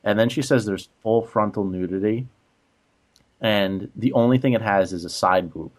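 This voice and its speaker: A man speaks at normal speed in a lowish voice as a casual podcast co-host. He tells exasperated stories about rude strangers, using "like" again and again.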